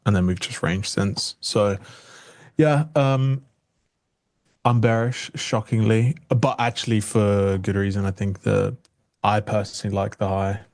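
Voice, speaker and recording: A man's voice: fairly low pitch, measured pace, darkish tone, no room sound, clean studio sound. A man with a British accent, talking casually about his trades over earbuds on a call. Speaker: trader guest. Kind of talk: casual trading chat. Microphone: earbuds over a computer call.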